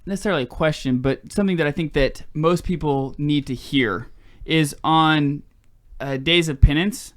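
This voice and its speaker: A man's voice: fairly high pitch, moderate pace. A man co-hosting a casual chat show, reading passages aloud and steering the questions. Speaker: podcast co-host.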